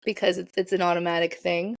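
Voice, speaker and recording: A woman's voice: on the low side, level tone, quick pace, creaky, no echo, clean studio sound. A woman co-hosting a casual podcast, giggling and rambling as she chats, sometimes tripping over her words. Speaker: podcast co-host. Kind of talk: casual chat.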